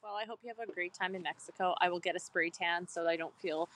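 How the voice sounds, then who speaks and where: A woman's voice: on the low side, fairly even intonation, fast, a bit bright. A woman co-hosting a casual podcast chat, teasing and playful. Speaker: podcast co-host.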